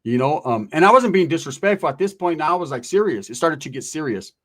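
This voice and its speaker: Animated, profane male storyteller. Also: a little high, fast. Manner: animated, profane, acts out dialogue. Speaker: online content creator. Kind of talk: casual storytelling.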